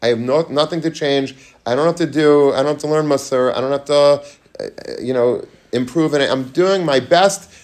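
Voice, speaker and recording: A man preaches a storytelling sermon with lively energy, and his voice jumps up and down as he acts out the people in his story. Yiddish and Hebrew terms slip into his plain talk. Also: fairly high pitch, moderate pace. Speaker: Torah lecturer.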